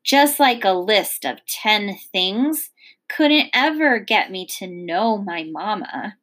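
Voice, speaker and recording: A woman teacher reading a children's novel aloud in a measured, expressive storytelling manner. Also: mid-range voice.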